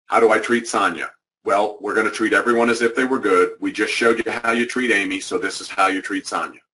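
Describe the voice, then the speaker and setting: Emphatic low-voiced man presenting from afar. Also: fairly even intonation, fairly quick, pushed and bright. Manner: emphatic, repetitive, conversational. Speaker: workshop presenter. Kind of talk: motivational training talk. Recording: distant microphone.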